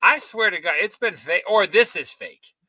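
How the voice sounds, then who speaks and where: A man's voice: high voice, lively intonation, moderate pace, bright, forceful tone, no room sound, rough recording. A man co-hosting a podcast in casual chat, incredulous and swearing freely. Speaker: podcast co-host.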